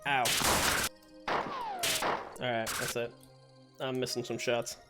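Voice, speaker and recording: A man's voice: medium pitch, flat delivery, takes it slowly. A man giving casual, joking commentary while playing a shooter game, laughing often at himself. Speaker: gameplay streamer. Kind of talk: casual let's-play commentary. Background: game music and gunfire.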